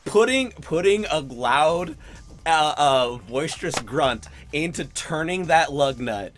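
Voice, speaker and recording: A man's voice: fairly high pitch, animated, slow pace, fairly bright tone. A man chatting casually while playing a video game, making dry, wry remarks. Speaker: gaming co-host. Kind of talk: casual let's-play chat.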